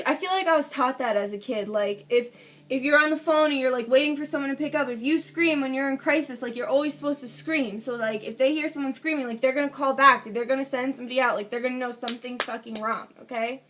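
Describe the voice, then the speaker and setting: A woman's voice: sits high, pushed and bright. A woman telling a personal story in a casual vlog, candid and emotional, swearing freely as she gives a play-by-play. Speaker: vlogger.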